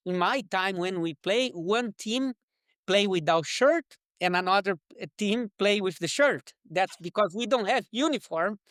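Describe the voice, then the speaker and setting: A man from Brazil with a Brazilian Portuguese accent, a native Portuguese speaker, telling his life story as an interview guest in quick, broken English. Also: high-pitched, no room sound, studio quality. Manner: fast, animated, broken English with restarts. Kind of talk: personal storytelling.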